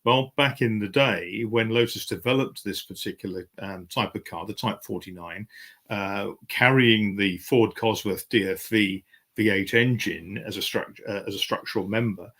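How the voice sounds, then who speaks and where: A man's voice: on the low side, normal speed, fairly bright tone. A man in his sixties, a guest commentator, chatting in detail about classic racing cars, with frequent fillers. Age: 60s. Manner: knowledgeable, detailed, many fillers. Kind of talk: casual chat.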